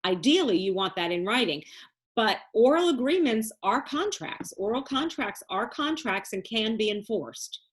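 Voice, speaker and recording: Woman lecturing her class, lively and jokey, kinda high voice, loose casual way of talking. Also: moderate pace. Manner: lively, joking, teasing students; casual and colloquial. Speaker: business law instructor.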